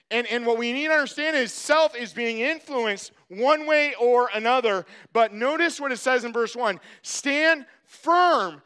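A pastor preaching a sermon in a high, bright, ringing voice that stays smooth and clear. He addresses his congregation directly and hammers his points home by repeating them. The delivery is emphatic and earnest.

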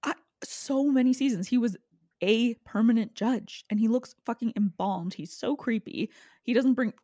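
A woman's voice: on the high side, normal speed, warm tone, no echo, studio quality. A woman co-hosting a podcast, chatting casually in a snarky, gossipy way and laughing often. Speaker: podcast co-host. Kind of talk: casual chat.

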